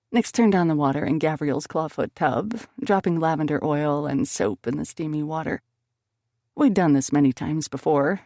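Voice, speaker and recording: Woman audiobook narrator for first-person romance, mid-pitched voice with a gravelly grain, dry close recording. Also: dark tone, dry recording.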